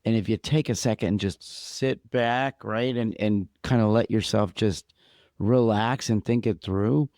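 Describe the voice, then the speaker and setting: A man co-hosting a podcast, chatting in a relaxed, thoughtful way. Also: on the low side, a little slow, no echo, clean studio sound. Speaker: podcast co-host. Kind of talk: casual podcast chat.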